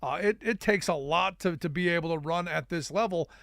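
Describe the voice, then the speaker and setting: Brief: male political talk host, high gravelly voice, halting, keeps restarting, dry close sound. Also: fairly bright tone, dry recording. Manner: halting, many restarts, self-deprecating asides. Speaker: radio talk show host. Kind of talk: political talk show chat.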